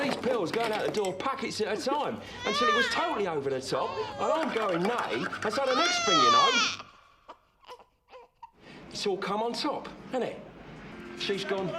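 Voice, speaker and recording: A man telling a comic first-person story in a rambling, deadpan, confiding way. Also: sits high, very noisy.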